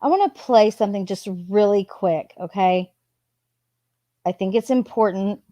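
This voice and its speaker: A woman's voice: medium pitch, moderate pace, mellow, dry recording, dull audio. A woman casually reading out text messages and adding her own blunt asides. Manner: chatty, reads messages aloud with asides. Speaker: true crime commentator.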